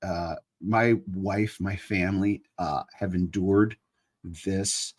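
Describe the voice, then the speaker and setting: Man, 50s, low voice, earnest, emphatic, preaching live chat host. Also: steady tone, slow. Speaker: online show host. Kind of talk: casual live chat with religious reflection.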